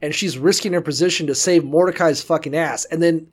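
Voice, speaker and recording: A man's voice: fairly high pitch, brisk. A man co-hosting a casual comedy podcast, riffing in profane comic digressions. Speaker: podcast co-host.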